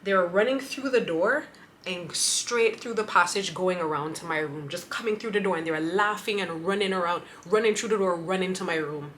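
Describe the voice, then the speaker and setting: A young woman vlogger telling a personal story to camera, animated, often laughing and backtracking. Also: lowish voice, fairly quick, slight background noise. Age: young adult.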